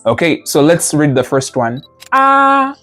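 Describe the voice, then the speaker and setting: A man's voice: a little high, normal speed, soft background music. A man teaching a language class, patiently modeling sounds and drilling students with repetition. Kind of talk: classroom lesson.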